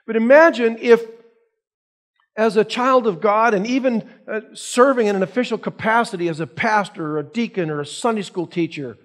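A man, a pastor, teaching an adult Sunday school class, asking the class questions and reading scripture aloud. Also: sits high. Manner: asks the class rhetorical questions.

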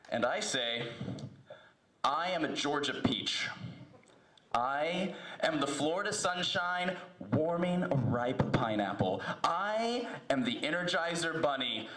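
Slow, bright male poetry reader in an echoey room. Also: fairly high pitch, animated, crowd noise. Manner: slow, measured recitation. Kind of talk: poetry reading.

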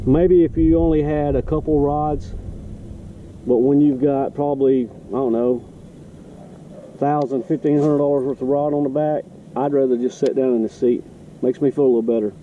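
A man's voice: mid-range voice, fairly even intonation, normal speed. Male fishing vlogger, easygoing and self-correcting, outdoors on a lake with a faint hiss behind him. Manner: rambling, self-correcting, folksy. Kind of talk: casual outdoor vlog narration. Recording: distant, muffled outdoor camera audio.

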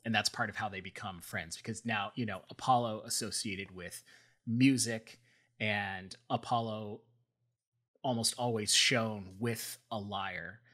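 A man's voice: lowish voice, steady tone, unhurried, sharp tone. A man co-hosting a podcast, retelling myths in a casual, playful way. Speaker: podcast co-host. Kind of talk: casual storytelling.

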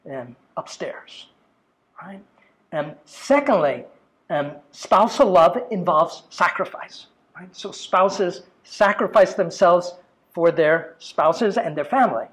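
A man giving an informal catechetical lecture in a parish hall, talking conversationally with many "um"s and tag questions like "right?". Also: high voice. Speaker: theology lecturer. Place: parish hall with a projection screen. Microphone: battery-powered microphone.

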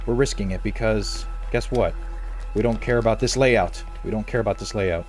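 A man doing let's play commentary on a horror game, excitable, repeating phrases over and over and swinging between low mutters and loud outbursts. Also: moderate pace, faint music behind. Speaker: gameplay commentator.

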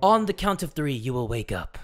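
A man voicing a calm male doctor who speaks slowly and soothingly. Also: mid-range voice, pitched below the performer's own voice, lightly acted. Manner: slow and soothing. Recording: music playing behind.

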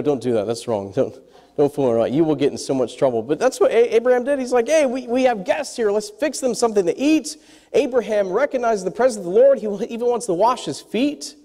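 Man preaching, high lively voice, mellow tone, long hall reverb. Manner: animated, asks the congregation questions. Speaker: pastor. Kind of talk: sermon.

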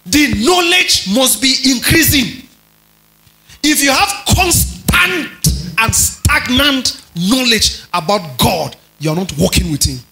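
A man preaching a teaching sermon, stretching and stressing key words, rising to loud emphasis and checking in with his listeners. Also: very high voice, very animated, slow pace, creaky, soft background music, poor audio. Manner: checks in with listeners, tells them to underline words.

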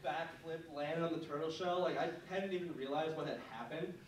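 A man's voice: a little high, fairly quick. A young man doing a stand-up set, telling self-deprecating stories in a rambling, filler-heavy way, recorded live on a club stage. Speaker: stand-up comedian. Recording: very roomy live club audio, distant, loud background noise. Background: audience laughter.

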